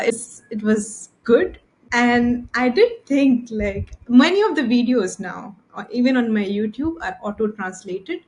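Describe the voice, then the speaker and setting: A woman's voice: fairly high pitch, a little mellow, rough recording. A woman with an Indian English accent, chatting thoughtfully on a podcast about learning languages. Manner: thoughtful, self-described nerd. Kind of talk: casual podcast chat.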